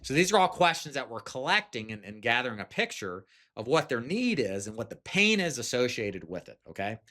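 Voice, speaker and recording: Bright-voiced man teaching sales. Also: mid-range voice, sing-song, brisk. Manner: direct, conversational, frequent "okay?" check-ins. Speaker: sales trainer. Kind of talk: instructional talk.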